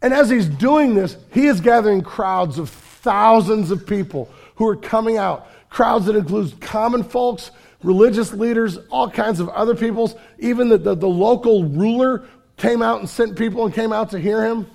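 A man's voice: high voice, normal speed, creaky, darkish tone. A man preaching a sermon as pastor, telling the story in a casual, conversational way with fillers and repeated words.

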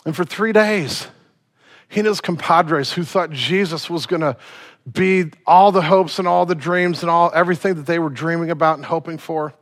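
A man preaching a sermon, retelling a story in casual slang and swinging from loud to hushed. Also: on the high side, normal speed.

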